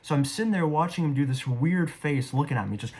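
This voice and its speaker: A man's voice: on the high side, expressive, quick pace, darkish tone, husky. A young man giving casual, rambling commentary on his own stage performance, a bit self-deprecating. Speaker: actor reviewing his performance.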